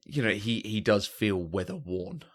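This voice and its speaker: A man co-hosts a casual film podcast, pitched a little low. He thinks aloud and circles back to rephrase as he goes. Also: expressive, moderate pace. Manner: thoughtful, restarts his sentences. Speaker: podcast co-host.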